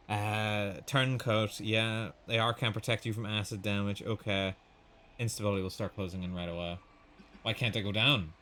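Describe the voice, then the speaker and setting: A man's voice: fairly low pitch, fairly even intonation, a little slow, long pauses, fairly bright tone, slight background noise. A young man streaming a game, rambling and swearing as he rants in casual commentary. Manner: exasperated, swears a lot, rambling. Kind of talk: casual gameplay commentary and ranting.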